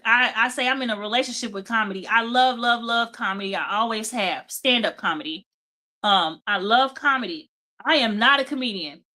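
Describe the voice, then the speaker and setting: A tired woman hosts a casual devotional talk, her voice bright and slightly high. She chats loosely and keeps turning back to her listeners with "right?" and "okay?" as she goes. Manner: chatty, repeats "okay?" and "right?". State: tired, yawning. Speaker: host of a devotional talk show.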